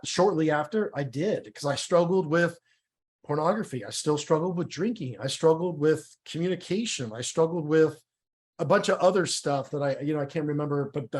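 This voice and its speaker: A man's voice: fairly high pitch, darkish tone. A middle-aged man sharing his personal testimony in a conversational church interview, candid and emotional, often stumbling and repeating words.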